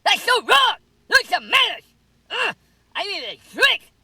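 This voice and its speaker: A woman's voice: extremely high pitch, very animated, measured pace, creaky, sharp tone, no echo, heavily acted. A woman doing a comedy sketch impression of a huffy, indignant wealthy politician. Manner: huffy then mumbling, filler-heavy.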